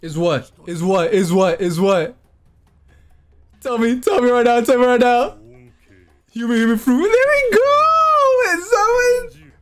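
Excitable male reaction host, swears and shouts, drawn-out delivery, faint music underneath. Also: very high-pitched. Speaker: anime reaction channel host. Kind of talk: live reaction commentary. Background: faint anime soundtrack playing.

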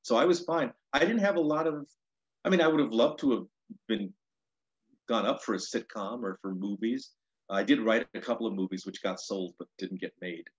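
Comedian guy rambling through old road stories, lotsa you-knows, lowish voice, kinda dull lo-fi audio. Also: normal speed, slightly rough. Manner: rambling, with frequent restarts and 'you know'. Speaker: stand-up comedian, interview guest. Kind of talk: casual storytelling.

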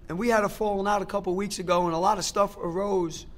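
A middle-aged man with a fairly high voice tells his recovery story at a meeting. He speaks emphatically, turns to the listeners directly, and hammers a point home by repeating phrases. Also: steady tone, fast talker. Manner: talks straight to the crowd. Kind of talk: personal recovery testimony.

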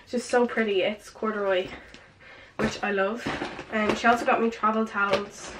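There's a noisy background as a teenage woman vlogs about a present haul on a camera with a ring light. She's chatty and out of breath, leaning heavily on "like" and "um," and her mid-range voice moves at a normal speed with fairly even intonation.

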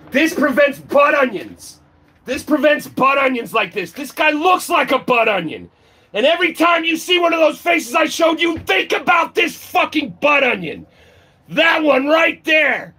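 A man delivering a profane, angry rant to the camera, often shouting and mocking. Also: very high voice, breathy edge. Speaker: video creator.

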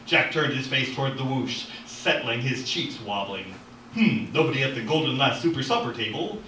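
A man reading from his own novel at an open mic in an art gallery, animated, with asides and self-corrections. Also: medium pitch, moderate pace, slight background noise. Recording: echoey gallery from far off.

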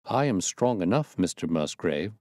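A man's voice: sits low, big pitch swings, moderate pace, darkish tone, no room sound, clean studio sound. A man voicing a sickly young maid who speaks strangely and slides into hysteria. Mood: unhinged. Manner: strange, breathless, rising to hysteria.

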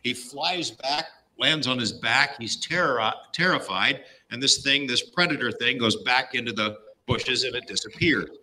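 A man's voice: medium pitch, moderate pace, few pauses, bright, forceful tone, a little hiss or hum, poor audio. A middle-aged man casually retelling a story, with many fillers and quoted lines acted out. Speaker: guest storyteller.

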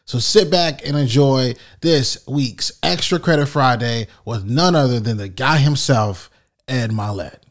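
A man's voice: medium pitch, unhurried. A man hosting a podcast, introducing an episode in a casual, familiar way and calling his listeners "fam". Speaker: podcast host.

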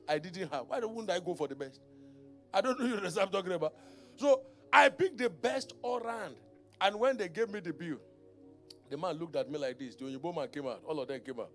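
A man preaching a sermon as pastor, telling a personal story in a lively storytelling manner. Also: a little high. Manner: storytelling preacher, rising to shouted prayer in tongues.

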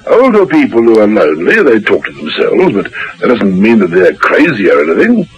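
A calm, kindly old doctor. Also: male voice, on the low side, fairly quick. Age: older. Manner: calm, explanatory. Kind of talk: 1950s radio drama acting. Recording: dull old radio recording.

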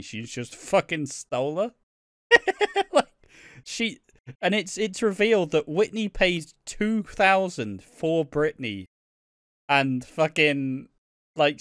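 Man, podcast co-host, casual sweary soap-opera chat, smooth resonant voice, mid pitch. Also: no room sound, studio quality. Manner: sweary, animated ranting.

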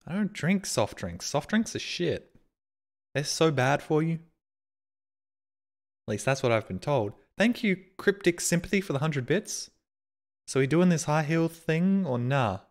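A man's voice: a little high, lively intonation, a little slow, long pauses. A man streaming live, reading out viewer donations and messages in casual, self-mocking, sarcastic banter.

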